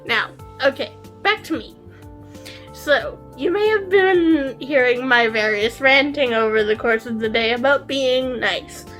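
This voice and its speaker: High-voiced, sleep-deprived woman vlogging. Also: unhurried, a bit bright, soft background music. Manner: playful, dramatic outbursts. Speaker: vlog co-host. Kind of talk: casual home vlog chat.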